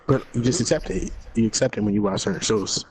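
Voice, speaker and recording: A man's voice: on the low side, fast, crowd noise, low-quality recording. A man chatting casually and sounding a bit distracted while he plays a video game.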